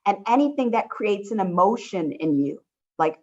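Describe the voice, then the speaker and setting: This college instructor has a medium-pitched, dark-toned voice and speaks animatedly at a moderate pace. Heard over dull lo-fi video call audio, she runs an upbeat, encouraging online study workshop and keeps saying she loves her students' questions.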